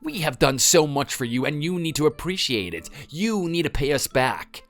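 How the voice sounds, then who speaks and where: Brief: man as pleading husband, expressive delivery, soft music underneath. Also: on the high side, normal speed. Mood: defensive. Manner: defensive, pleading. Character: defensive husband clinging to his marriage. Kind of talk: scripted dialogue drama.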